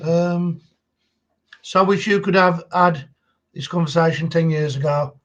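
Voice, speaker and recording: High-voiced chatty Black Country man. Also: fairly even intonation, measured pace, muffled recording. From Birmingham, England. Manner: chatty, tells anecdotes with quoted voices. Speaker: co-host of a history live stream. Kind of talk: casual live-stream chat.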